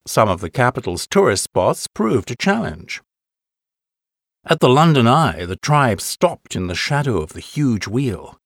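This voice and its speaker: Brief: a man narrating a course-book listening passage, expressive and swinging widely in pitch, recorded dry and close. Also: measured pace, no echo. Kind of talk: scripted narration.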